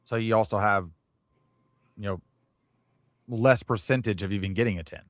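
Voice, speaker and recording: A man co-hosting a casual livestream panel chat, talkative and quick to cut in with rebuttals. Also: lowish voice, no room sound. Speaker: co-host.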